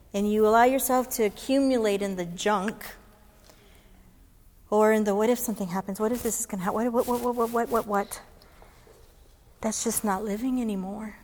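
A woman's voice: medium pitch, darkish tone. A woman police chaplain giving an inspirational talk, telling a story earnestly and acting out the dialogue in it. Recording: long reverb of a large hall.

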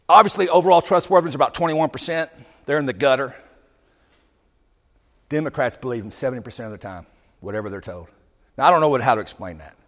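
Fired-up man speaking in a reverberant hall. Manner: emphatic, swings from loud outbursts to low asides. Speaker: public speaker addressing a live audience. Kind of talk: impassioned speech to a crowd.

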